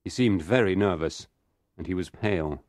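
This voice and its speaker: A man with a very low voice narrates a story for English learners. He reads slowly and clearly, and the recording is dry and close with no room sound. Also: a little mellow, no echo. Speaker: audiobook narrator. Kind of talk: scripted first-person narration for English learners.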